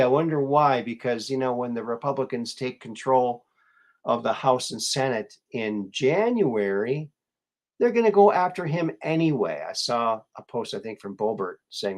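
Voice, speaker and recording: A man's voice: mid-range voice, expressive, normal speed. A man hosting a casual live show, musing and rambling with many fillers and restarts as he greets viewers. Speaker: show host.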